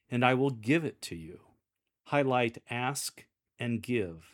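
Slow, measured man coaching scripture readers. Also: medium pitch. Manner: measured, deliberate delivery. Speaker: lector coach. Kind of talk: instructional coaching on scripture reading.

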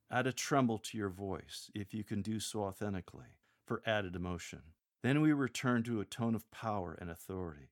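A man with a somewhat low voice coaches church readers through a passage. He speaks in a measured, scripted way and slows down to proclaim lines with weight and emphasis. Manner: measured, demonstrates readings with slow emphatic proclamation. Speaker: lector coach. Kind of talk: scripted instructional talk on reading scripture aloud.

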